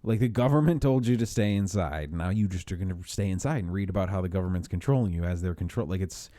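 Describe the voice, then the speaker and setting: A man's voice: low-pitched, expressive, fast, mellow, dry recording. A young man co-hosting a podcast, chatting in a joking, sarcastic way with lots of fillers. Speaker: podcast co-host. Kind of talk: casual chat.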